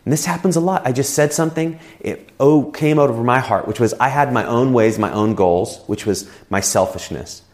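A man's voice: medium pitch, fairly quick, few pauses, a little mellow. A man preaching a sermon as a pastor, conversational and telling personal stories. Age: adult with children.

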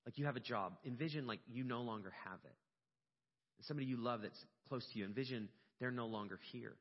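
A man's voice: mid-range voice, quick pace. A middle-aged man preaching a sermon, telling a personal story with rising emotion. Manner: storytelling, animated and emotional at peaks. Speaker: pastor. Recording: dull lo-fi sound with long hall reverb.

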